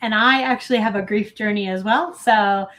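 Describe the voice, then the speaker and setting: A woman's voice: mid-range voice, moderate pace, fairly bright tone. A woman hosting a talk show in a studio, reading a text aloud with earnest feeling and breaking into casual chat. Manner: earnest, gets emotional while reading. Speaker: show host.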